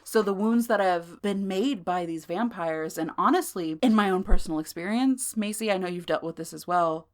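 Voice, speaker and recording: A woman's voice: mid-range voice, normal speed, few pauses. Woman, Southern accent, podcast co-host, rambling, laughs a lot. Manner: chatty, laughs often, rambling asides. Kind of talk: casual podcast chat.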